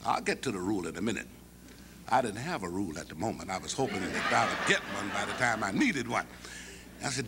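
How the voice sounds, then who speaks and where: An older man giving a humorous storytelling speech at an academic convocation, folksy and animated, chuckling as he goes. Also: on the low side, fast talker, background noise. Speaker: convocation speaker.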